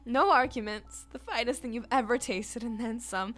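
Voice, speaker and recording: A woman voicing a flamboyant, theatrical man in a game, speaking in a booming, grandly formal way. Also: moderate pace, fairly bright tone, lightly acted. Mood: boisterous. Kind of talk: game dialogue reading.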